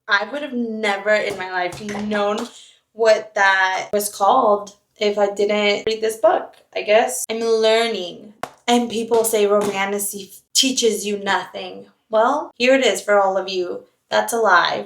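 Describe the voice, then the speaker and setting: A woman's voice: medium pitch, creaky. A young woman chatting casually in a book vlog, reacting dramatically and repeating herself. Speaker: book vlogger. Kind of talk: casual reading vlog chat. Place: outdoors at a park; at home while cleaning.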